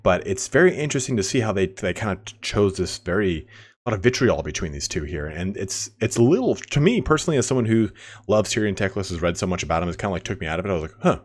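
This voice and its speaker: A man's voice: low-pitched, lively intonation, fast. A man giving casual, rambling game commentary, full of fillers and restarts. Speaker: gaming commentator.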